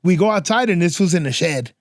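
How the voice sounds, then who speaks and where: Male podcast host; casual, profane storyteller who acts out his stories; a bit high-pitched, dry sound. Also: animated, quick pace, no echo. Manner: slangy and profane, peppers talk with "fool" and "dog".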